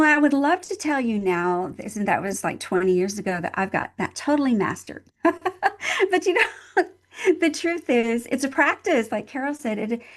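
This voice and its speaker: An older woman, a nurse and guest speaker, telling a personal story in an interview in an earnest, heartfelt way, leaning on repeated phrases for emphasis. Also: medium pitch. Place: at home in Texas.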